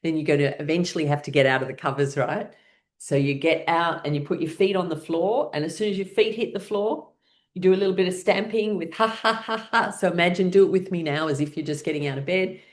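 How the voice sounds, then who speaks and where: Playful, low-voiced woman leading laughter yoga. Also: quick pace, a little mellow. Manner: playful and encouraging, leads by example. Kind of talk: guided laughter class.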